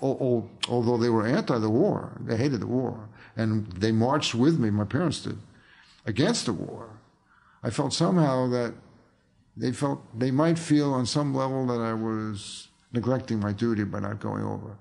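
A man's voice: mid-range voice, normal speed, creaky, darkish tone. An older man, an author and filmmaker, telling rambling anecdotes in a casual interview, full of fillers and restarts.

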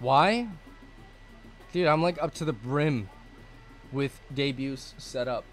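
A man streaming live gameplay and answering his chat, cursing often and swinging between low mutters and angry outbursts. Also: slow pace, soft background music. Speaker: gaming streamer.

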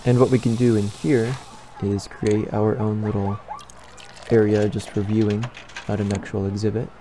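A man's voice: lowish voice, flat delivery, moderate pace, noisy background. A young man giving casual let's-play commentary, rambling and thinking aloud as he builds. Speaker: gaming YouTuber.

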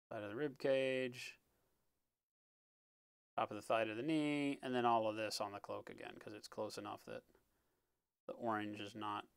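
A man talking through a live-stream painting tutorial in a relaxed, explanatory way, often checking in with "right?" and sometimes muttering as he works. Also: lowish voice, clear, resonant tone, dry recording. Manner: muttering while working. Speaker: miniature painting instructor.

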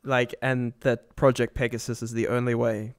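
A man with a smooth, clear voice, recorded dry and close, chats eagerly about a film on a podcast. He swears casually and laughs often. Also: medium pitch, level tone, normal speed, no room sound. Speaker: podcast co-host. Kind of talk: casual movie discussion.

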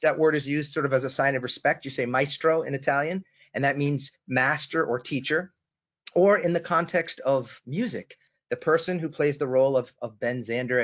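A man's voice: on the high side, fairly bright tone. A man from Boston presenting a sales webinar, telling a story with enthusiasm and turning to his co-host by name. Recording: dull lo-fi webinar audio.

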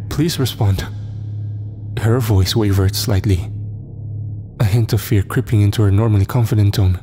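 A man narrating a horror story in a measured, dramatic, scripted style. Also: fairly low pitch, noisy background. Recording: long reverb, faint music.

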